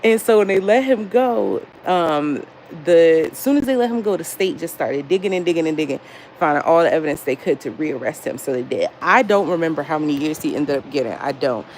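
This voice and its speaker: A young woman chatting casually on a livestream, profane and animated as she reads chat aloud. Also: deep voice, fairly quick, slight background noise, rough recording. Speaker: livestream host.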